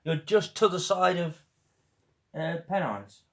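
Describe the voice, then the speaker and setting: A man's voice: high-pitched, lively intonation, takes it slowly. A young man from northwest England hosting a casual live stream, with a northwest English accent, chatty and teasing, laughing often with viewers. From St Helens, northwest England.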